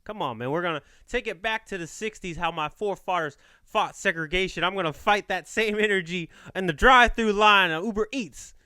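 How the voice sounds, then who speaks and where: A man hosting a podcast, telling a story in casual chat with a playful, animated delivery. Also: high voice, fairly quick, few pauses, clean tone, dry recording, studio quality. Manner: animated, playful, slips into quoted voices. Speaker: podcast host.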